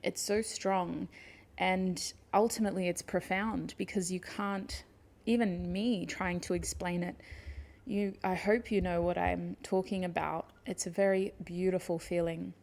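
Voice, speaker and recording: A woman giving a pick-a-card tarot reading, speaking gently and affectionately to her viewers, teary and sniffling with emotion. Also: fairly low pitch, steady tone, measured pace, creaky. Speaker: tarot reader.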